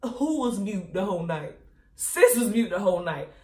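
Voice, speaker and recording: A woman vlogger recounting a casual storytime to her viewers, animated and slangy, often breaking into laughter. Her voice sits in a middle range. The recording carries a noticeable echo from the room. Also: mid-range voice, normal speed. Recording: echoey room.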